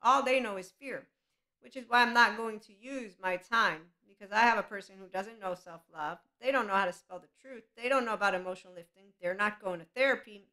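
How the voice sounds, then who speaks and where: Woman, podcast host, casual solo talk, chatty and rambling, bright tense voice. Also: medium pitch, brisk. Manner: chatty, rambling, self-interrupting with laughs.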